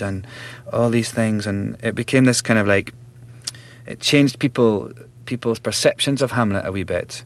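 Chatty Scottish man, lowish voice. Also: moderate pace. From Scotland. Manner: chatty and self-mocking, laughs often. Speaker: actor, interview guest. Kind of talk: relaxed interview chat.

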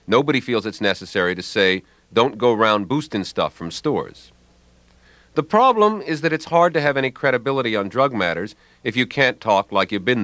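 A man reads a scripted radio commentary with a dry, ironic wit. His pitch rises and falls with lively movement. The studio sound is close and dead, with no room at all. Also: no room sound. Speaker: language commentator.

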